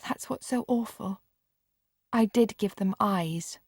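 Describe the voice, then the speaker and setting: A woman's voice: mid-range voice, slow, darkish tone, dry recording, clean studio sound, voice pushed up. A woman reader voicing a frightened, meek young girl who turns apologetic and tearful. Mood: pleading. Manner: anxious, apologetic, tearful at times.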